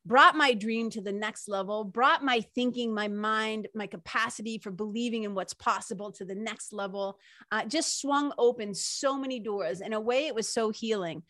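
A slightly high-voiced woman speaks at a moderate pace in a clean studio recording with no room sound. Emotional and on the verge of tears, she tells her own story animatedly, sprinkling in fillers such as "like" and "you know" and laughing along the way.

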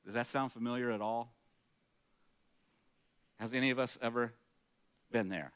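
This pastor's mid-range, slightly bright voice moves fairly quickly, with frequent pauses. Earnest and conversational, he reads scripture aloud between comments and throws rhetorical questions to the congregation.

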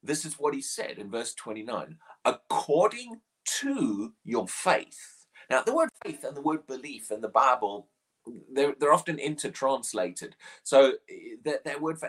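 A man's voice: medium pitch, expressive, moderate pace, breathy edge. A man preaching a short morning devotional, earnest and questioning, often repeating words as he presses a point.

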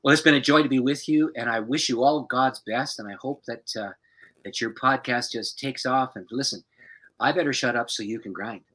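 A man who is a pastor, telling a personal story as a podcast guest in an animated way and chuckling often. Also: medium pitch, fairly quick, rough recording.

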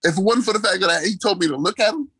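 A man's voice: high-pitched, racing, pushed and bright, slightly rough, no room sound. A man telling his own story in an interview, casual and colloquial, repeating key phrases for emphasis. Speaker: interview guest. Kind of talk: personal storytelling in conversation.

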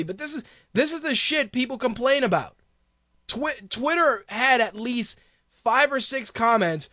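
A man's voice: very high-pitched, animated, unhurried, sharp tone, dry recording, clean studio sound. A man hosting a radio show, ranting casually in a heated, profane way with lots of restarts. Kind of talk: casual on-air rant.

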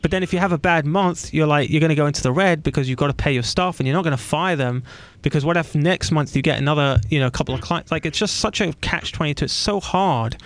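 A man hosting an interview in a casual, animated way, telling stories and acting out the voices of the people in them. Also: a little high, fast talker, no echo. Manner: animated storytelling, acts out quoted voices. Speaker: podcast host.

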